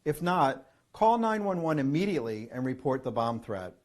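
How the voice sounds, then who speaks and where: A man calmly giving security training, methodically reading through a checklist of questions. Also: medium pitch, moderate pace. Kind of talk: instructional narration.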